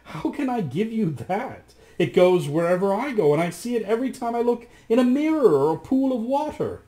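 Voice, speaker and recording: A man voicing an anxious, bewildered young man in a storybook, talking a bit higher than his own voice and protesting in fluster. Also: big pitch swings, a little fast, mellow. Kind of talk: storybook reading.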